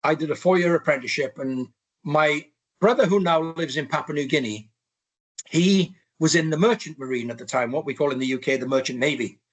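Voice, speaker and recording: A Welsh man in his sixties tells his life story as a podcast guest, rambling with many restarts, asides, and "you know"s. His voice is on the high side and brisk.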